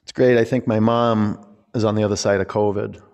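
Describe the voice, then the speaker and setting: A young man leading a yoga class, giving calm cues and counting reps aloud. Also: on the low side, a little fast. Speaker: yoga instructor.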